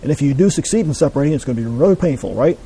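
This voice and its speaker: A man teaching a Bible class, explaining scripture in a measured way and putting questions to his listeners. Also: fairly high pitch, lively intonation, warm tone, a little hiss or hum, poor audio.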